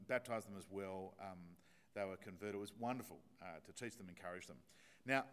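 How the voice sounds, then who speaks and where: A man with an Australian accent, a pastor giving an evening sermon with a prayer, telling stories in a conversational, self-deprecating way with many fillers. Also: fairly low pitch. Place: church.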